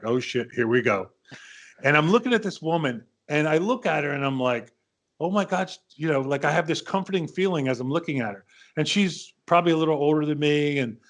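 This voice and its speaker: A man in his fifties hosting a podcast, telling a long story in a casual, rambling way and acting out the lines of the people in it. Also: fairly high pitch. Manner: rambling anecdotes with quoted dialogue, frequent restarts. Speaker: podcast host.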